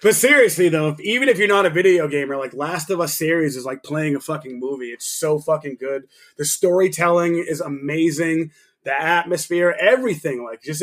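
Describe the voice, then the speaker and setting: A man co-hosting a casual podcast, swearing freely and talking with excited enthusiasm. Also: on the high side. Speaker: podcast co-host.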